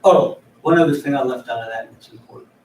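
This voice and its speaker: Leading a mediation training session, an older man shows how a mediator opens, joking folksily and frequently breaking off to restart sentences. He talks fast, at medium pitch, with a darkish tone. The recording comes from a distant mic in an echoey room and carries slight hiss or hum.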